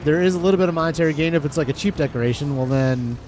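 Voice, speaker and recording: A man's voice: fairly high pitch, rapid-fire, a little mellow, a little hiss or hum. A man casually commentating his farming game on a live stream, reading chat and rambling through asides. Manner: chatty, reads chat aloud, rambling asides.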